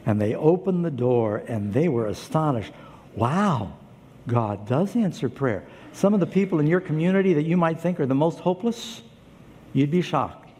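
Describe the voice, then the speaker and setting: Male pastor, sermon delivery, animated storyteller, mellow tone, long hall reverb. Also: normal speed, slightly rough. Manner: animated storytelling, acts out voices, pitch jumps up for emphasis.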